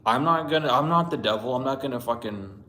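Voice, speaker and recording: A man's voice: mid-range voice, animated, quick pace, pushed and bright, a little hiss or hum. A man giving a casual spiritual tarot reading, talking bluntly, swearing often and rambling. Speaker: tarot reader. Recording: roomy echo.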